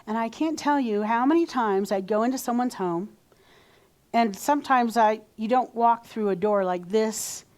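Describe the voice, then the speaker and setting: Preaching in a conversational style, a female minister speaks at a moderate pace in a slightly high, somewhat mellow voice. She occasionally performs people's self-talk as quotes.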